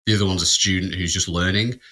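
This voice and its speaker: Bright-voiced man telling a rambling story. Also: low-pitched, steady tone, fast. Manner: rambling anecdote with laughs and restarts. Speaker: podcast co-host. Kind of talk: casual storytelling.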